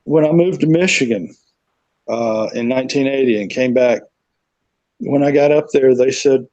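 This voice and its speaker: A man's voice: medium pitch, moderate pace, a little mellow, no room sound, rough recording. Southern man telling a story. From South Carolina, USA. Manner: rambling storyteller, acts out quoted voices. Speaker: guest. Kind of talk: casual conversation.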